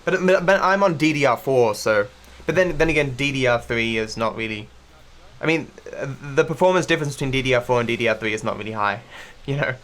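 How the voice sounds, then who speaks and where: A male streamer from Australia talks in a middle-pitched voice with a blended accent that is hard to place. He rambles through casual livestream commentary, restarting sentences often and swearing freely. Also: brisk, a bit bright. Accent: mixed, not typically Australian.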